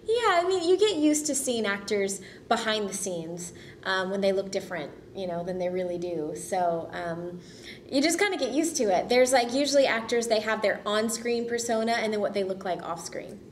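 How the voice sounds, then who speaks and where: A woman's voice: mid-range voice, animated, normal speed, a little hiss or hum. A woman actress answering interview questions casually, upbeat, friendly and enthusiastic.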